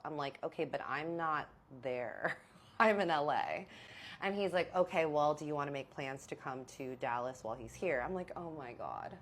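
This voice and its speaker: A young adult woman casually telling a personal story to camera, animated and exasperated, acting out the dialogue. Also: sits low. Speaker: vlogger.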